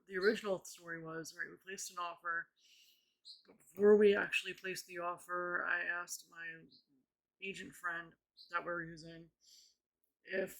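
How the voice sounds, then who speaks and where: A woman's voice: on the low side, creaky. A woman telling a rambling, casual story-time vlog, full of fillers and restarts. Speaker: vlogger.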